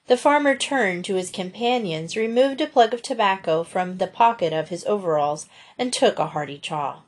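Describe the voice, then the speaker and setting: A woman narrating a children's adventure storybook aloud. She reads at a measured pace with clear, careful phrasing. Her voice sits at a middle pitch. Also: animated. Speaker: audiobook reader.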